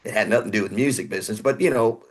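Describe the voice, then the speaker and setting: Talking rapid-fire in a husky, lowish voice, a man from Houston, Texas appears as a guest musician on a podcast. He tells meandering stories in a casual interview style, occasionally mimicking the people he mentions.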